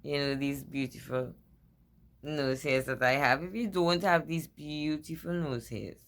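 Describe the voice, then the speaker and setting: A woman vlogger with a husky voice, talking in a playful, teasing way and stretching out words for emphasis. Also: a little slow. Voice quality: husky low voice. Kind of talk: casual opinion vlog.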